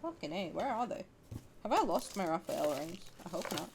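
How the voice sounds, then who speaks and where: A woman streaming a game, talking casually with her chat, swinging from loud squeals to quiet mutters. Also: on the low side, very animated, moderate pace, background noise.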